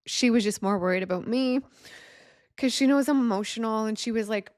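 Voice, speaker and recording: A woman's voice: fairly high pitch, brisk, a little mellow, dry recording. Chatty woman vlogger, dry close sound. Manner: casual, rambling, with loose swearing. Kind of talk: emotional personal story to camera.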